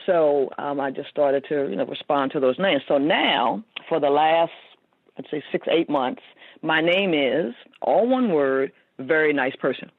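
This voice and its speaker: A woman's voice: low voice, expressive, measured pace, husky, no echo. A woman in her fifties tells a personal story as an interview guest, heartfelt and meandering, full of fillers and restarts. Her voice comes through a tinny, phone-like line, dry and close with no room sound. She talks rather than performs. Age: 50s. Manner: heartfelt, rambling, many fillers. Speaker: guest author.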